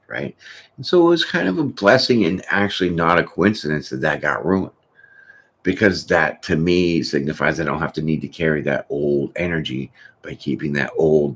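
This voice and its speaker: A man with an extremely low, husky voice hosts a tarot channel, rambling casually through a live question session and frequently throwing in "you know what I'm saying."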